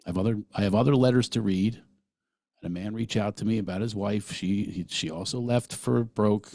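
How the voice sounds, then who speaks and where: Gravelly low-voiced man, earnest monologue. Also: moderate pace, dark tone, no room sound. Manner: earnest, emphatic, acts out voices in quotes. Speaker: podcast host. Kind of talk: solo podcast monologue.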